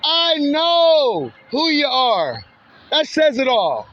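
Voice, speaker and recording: A male vlogger with a very high, lively voice films passing cars by a road at night, delivering a slow, casual street monologue full of taunts, mockery, frequent laughter and swearing. It's captured on a handheld camera or phone, so the audio is dull and lo-fi with faint street noise.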